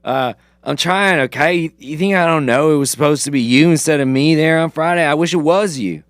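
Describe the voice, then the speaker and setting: A man's voice: on the high side, fairly quick, no room sound, studio quality, close to an everyday voice. A man reading the part of a nervous young backup quarterback in a script read-through, in a weak put-on Southern drawl, flustered and defensive. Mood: pleading. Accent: put-on Southern drawl, admittedly weak.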